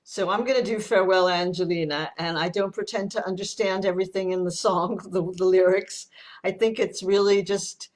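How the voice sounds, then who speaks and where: A woman's voice: medium pitch, steady tone, moderate pace. A woman on a video call introducing the song she is about to sing, chatty and modest. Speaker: singer.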